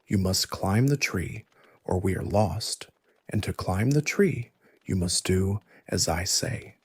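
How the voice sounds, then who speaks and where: A man voicing a clever young woman, a giant's daughter, who calmly instructs the hero, in soft ASMR storytelling. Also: low-pitched, takes it slowly, husky, exaggerated voice.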